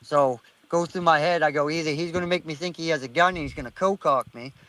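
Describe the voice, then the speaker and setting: A man's voice: on the high side, fast, no echo, rough recording. Fired-up, cursing man telling a story. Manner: profane, heated, animated storyteller. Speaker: panelist. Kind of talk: casual storytelling on an online panel.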